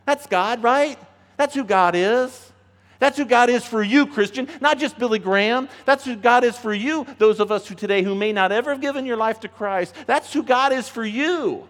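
A male pastor delivers a sermon in a high, ringing voice. He preaches emphatically and acts out the voices he quotes. His words carry a long reverb through a large church hall. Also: normal speed, a bit bright. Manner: emphatic, acts out quoted voices, rises in pitch when pleading.

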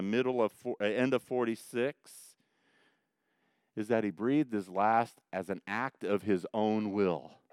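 Male pastor, sermon delivery, unhurried, resonant and clean, swings from hushed intensity to near-shouting fervor. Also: fairly low pitch, clean tone, no room sound. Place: church in Indianapolis.

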